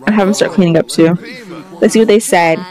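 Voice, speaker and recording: A woman's voice: medium pitch, fairly even intonation, quick pace, a little mellow. A young woman giving casual, chatty commentary on a life-simulation game, exclaiming often and voicing what the characters think. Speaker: gameplay vlogger.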